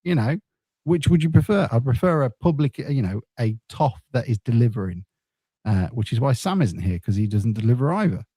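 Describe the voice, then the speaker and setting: This podcast co-host is a man with a mid-range, husky, dark-toned voice, animated and brisk. He keeps a wry, laid-back football chat going and reads out listener comments. The studio sound is clean, with no echo.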